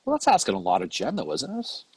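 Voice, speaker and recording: A man's voice: lowish voice, wildly swooping pitch, quick pace, darkish tone. A man co-hosting a casual live-stream chat, teasing and joking with his co-host and swearing casually. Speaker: podcast co-host.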